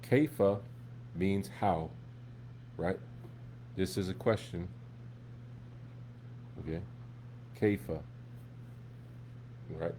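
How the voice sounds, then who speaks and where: A man teaching an Arabic class in a relaxed, conversational way, often checking in with his students. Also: deep voice, very slow, long pauses, slight background noise. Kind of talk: live classroom lesson.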